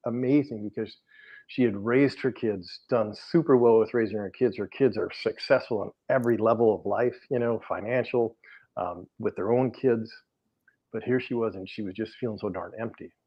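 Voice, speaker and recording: A middle-aged man, a guest energy healer, telling client stories in a podcast interview, earnest and rambling with many fillers and restarts. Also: on the low side. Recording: dull lo-fi audio.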